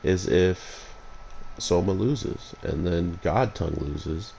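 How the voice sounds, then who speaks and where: Deep gravelly man, rambling review. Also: takes it slowly, mellow, slight background noise, poor audio. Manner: rambling, digressive. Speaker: anime reviewer. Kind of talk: casual spoken review.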